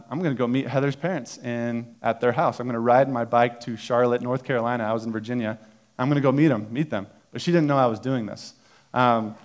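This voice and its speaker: A young man preaching in a church, telling a personal story in a relaxed, self-deprecating way with many fillers. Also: mid-range voice.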